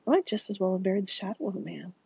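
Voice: mid-range voice, animated, racing, gravelly, darkish tone, breathy edge, no room sound, highs cut off, exaggerated voice. A reader putting on a jealous, mocking young wife.

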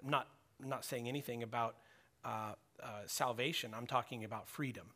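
A man's voice: mid-range voice, fairly even intonation, a little fast, a bit bright. A middle-aged man preaching a sermon in a conversational way, acting out prayers and dialogue as he speaks. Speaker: pastor.

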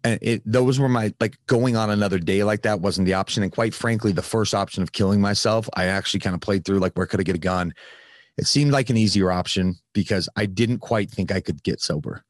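A man's voice: lowish voice, brisk, no room sound, studio quality. A man telling a candid personal story in casual conversation, with frequent fillers and some swearing. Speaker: podcast host, guest telling his recovery story.

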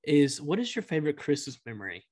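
A man's voice: on the high side, sing-song, fast, darkish tone. Earnest young man co-hosting a podcast. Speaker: podcast co-host. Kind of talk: casual chat.

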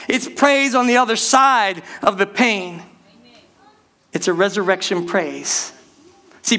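A man preaching a sermon to his church, animated and calling out to the congregation, rushing some phrases and drawing others out. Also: high voice. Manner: animated preaching, speeds up and slows down, calls out to the church. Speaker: pastor.

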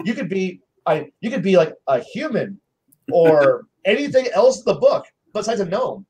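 A man on a game-master panel telling stories about his players in casual chat, acting out their lines in quick voices. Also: sits high, big pitch swings, mellow, breathy edge, dull audio.

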